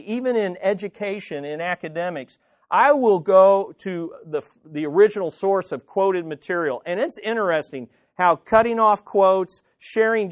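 A man's voice: high voice, dry recording. A man preaching an earnest, conversational sermon as pastor, often repeating words as he goes.

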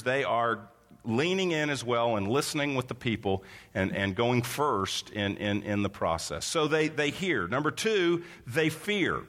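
A man's voice: medium pitch, fairly bright tone. A man preaching a sermon, earnest and explanatory, often repeating words as he teaches. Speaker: pastor. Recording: long reverb of a large hall.

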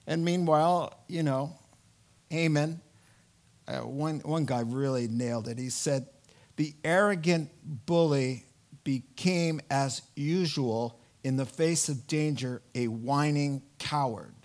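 A man preaching a sermon, telling a Bible story with animated energy and acting out the characters' lines. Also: a little high, takes it slowly. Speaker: pastor.

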